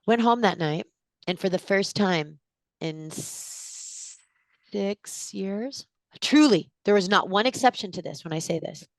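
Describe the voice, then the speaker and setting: A woman in her forties, a guest in an interview, telling a personal story in an animated way and acting out what people said. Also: medium pitch, measured pace, no echo. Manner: animated storyteller, acts out quotes with gasps.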